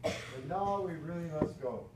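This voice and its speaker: A man's voice: fairly high pitch, expressive, measured pace. A man voicing a determined young girl who wants to be a knight, speaking earnestly in a storybook reading. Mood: cheerful. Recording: echoey lecture hall from far off, noisy.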